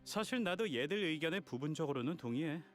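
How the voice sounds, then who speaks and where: An actor playing a friendly, level-headed male hunter in a game, speaking calmly and reasonably with a mildly critical edge. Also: on the high side, very fast, faint music behind, lightly acted. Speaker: game character voice. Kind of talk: Korean voiced game dialogue.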